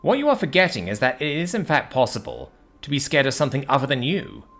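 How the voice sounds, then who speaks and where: Cocky swaggering guy, lively, a touch husky, played by a man in a storybook reading. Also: mid-range voice, fast talker, pitched above the performer's own voice. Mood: breezy. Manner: breezy, swaggering, teasing. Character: cocky, cheerful male human adventurer.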